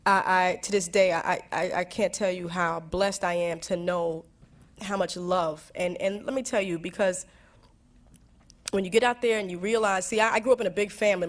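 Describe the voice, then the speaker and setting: A woman in her twenties speaking candidly to a school audience, reflective and playful, with many restarts, laughs and acted asides. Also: lowish voice. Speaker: guest speaker answering students.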